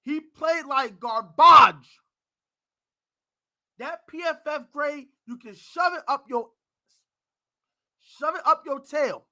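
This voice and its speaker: An American man hosting a fan live stream, ranting loudly about his team's players and shouting at times. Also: very high-pitched, takes it slowly, pauses often. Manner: loud, animated ranting, shouting and laughing. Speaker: sports fan show host. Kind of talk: heated live-stream rant.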